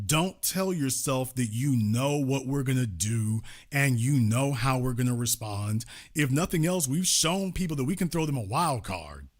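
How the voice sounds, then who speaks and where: A man hosting a show who delivers a political commentary monologue in an emphatic, repetitive, preaching manner. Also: mid-range voice. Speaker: host.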